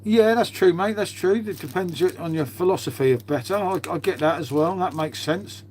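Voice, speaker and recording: There's slight background noise as a middle-aged man, his voice fairly high yet darkish in tone, wanders through relaxed talk with stream viewers. He keeps a moderate pace, calls people mate, and muses to himself while putting things away.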